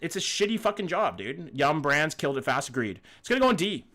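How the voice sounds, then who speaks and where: Canadian man, young, casual streamer, blunt and cussing, somewhat high voice. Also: sing-song, fast talker, fairly bright tone. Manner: blunt, swears freely, reads and answers chat. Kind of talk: casual live-stream chat.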